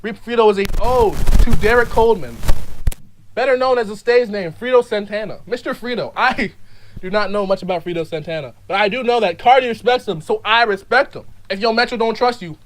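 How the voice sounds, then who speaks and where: A vlogger rambles through an ironic monologue with a straight face, tripping over words and restarting sentences. The voice sits at a middling pitch and lurches between sudden loud outbursts and low, half-swallowed mumbling. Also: brisk, low-quality recording. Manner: mock-serious, stammering restarts.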